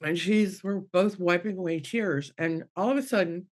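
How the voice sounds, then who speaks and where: A middle-aged woman, a guest medium, telling an emotional personal story in an earnest way. She acts out dialogue with a rising voice and drops low and soft when she is moved. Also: normal speed.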